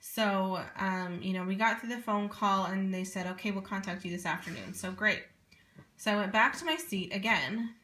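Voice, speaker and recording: A woman's voice: medium pitch, moderate pace. Earnest woman telling a story, echoey room. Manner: earnest, animated, many asides. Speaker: parent telling a personal story. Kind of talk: casual first-person storytelling.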